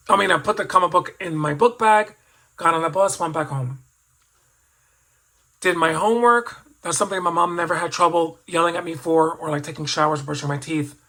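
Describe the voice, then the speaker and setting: A man's voice: fairly high pitch, bright, forceful tone, poor audio. A man in his fifties telling a personal childhood story as a toy collector vlogger. He rambles and reflects, restarting sentences and adding asides as he goes.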